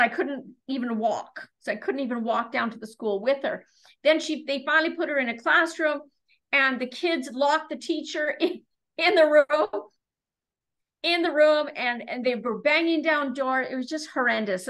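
A woman's voice: high voice, fairly bright tone, rough recording. A middle-aged woman from Canada teaching a Torah study over a video call, telling personal stories in an earnest way. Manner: earnest, storytelling, repeats words when moved.

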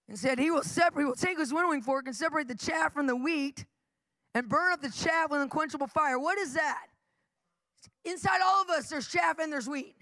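A middle-aged woman preaching live with animated storytelling, laughing often and acting out the people in her stories. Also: high voice, no room sound.

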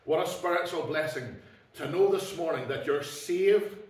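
A man preaching an emphatic sermon in a high, ringing voice. He swings between loud declarations and hushed asides. He is picked up from a distance, with heavy echo off the church walls. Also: moderate pace. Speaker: pastor. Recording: echoey church hall, mic at a distance.

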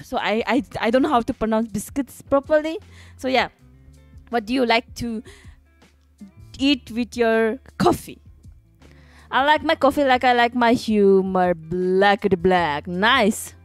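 Playful Indian woman, slightly high voice. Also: no room sound. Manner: playful, giggly, greets chat viewers. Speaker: livestream host. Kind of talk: casual stream chat.

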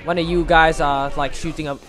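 A man giving excitable gameplay commentary, thinking aloud and swearing often. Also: a little high, fairly quick. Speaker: gamer playing a mech game. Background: background music.

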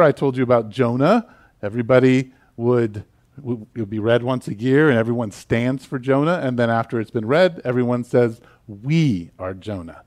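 A man with a Southern US accent, preaching a sermon in a casual, animated way with prayer. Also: medium pitch. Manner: conversational, animated, with fillers and asides. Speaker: pastor.

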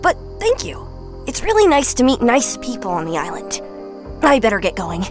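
Woman playing a sweet polite newcomer, high voice, lively pitch, music under. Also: normal speed. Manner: polite, friendly. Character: sweet young woman new to the island.

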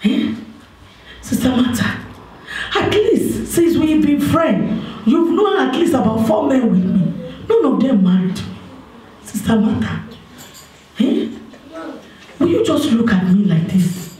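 A woman with a Nigerian accent playing a single woman desperate to marry, pleading and complaining on a phone call in a church stage drama, with bursts of shouting. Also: sits high, big pitch swings, slow pace, long pauses, slight background noise, exaggerated voice. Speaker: stage actor. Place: stage in an echoey hall. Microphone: distant mic. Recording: echoey hall, distant microphone.

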